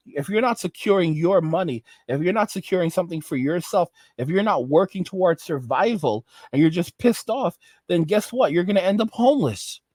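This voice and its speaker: A man with a somewhat high voice delivers a ranting commentary, lecturing and exasperated, circling back over his words. The sound is dry and close, with no room around it. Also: darkish tone, no echo. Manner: exasperated, lecturing, repetitive restarts. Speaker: commentary channel host.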